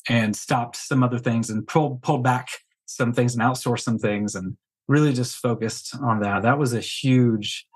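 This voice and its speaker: Guest, male, mid-pitched husky voice, relaxed, rambling first-person account. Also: moderate pace, poor audio. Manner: candid storytelling with many fillers. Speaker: guest, business coach. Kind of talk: casual interview chat.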